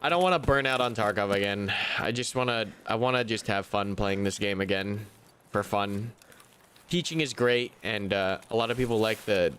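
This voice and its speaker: A young man streaming a game, chatting casually in a rambling, profane, animated way. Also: fairly low pitch, moderate pace, clean tone. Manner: rambling, profane, animated rants with mocking impressions. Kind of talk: casual live-stream chat while gaming.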